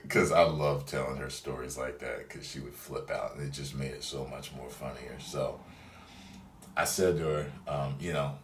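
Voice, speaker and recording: A man's voice: rumbling low, expressive, measured pace, pauses often, fairly bright tone. A young man vlogging, telling a story in a laid-back, profane, chatty way. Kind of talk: casual storytelling. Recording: roomy sound, distant from mic.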